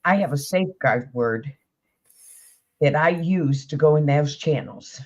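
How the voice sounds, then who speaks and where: Slow-paced, mid-pitched voice, hesitant, fillers and pauses, casual live chat co-host. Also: muffled recording. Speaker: livestream co-host.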